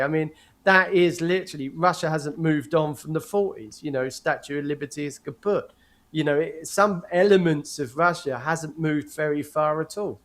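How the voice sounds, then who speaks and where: A middle-aged man chatting as a guest, his voice sitting somewhat high. He tells his stories with energy, jumping into the voices of the people he quotes and laughing along. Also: moderate pace. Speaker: guest, former prisoner of war. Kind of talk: casual chat, storytelling.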